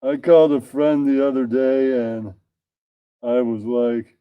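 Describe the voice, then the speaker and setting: A man reading out a crude comedy bit, profane and deadpan, tagging his jokes. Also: mid-range voice, unhurried, clear, resonant tone, dry recording, highs cut off. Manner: profane, deadpan, tags jokes with "that's right". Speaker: comedy reader.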